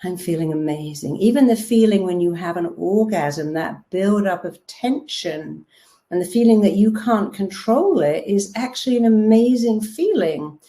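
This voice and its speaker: A woman, a therapist giving a lively motivational talk and acting out quotes as she tells stories. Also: medium pitch, normal speed. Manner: lively storytelling with acted-out quotes. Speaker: therapist and self-help speaker.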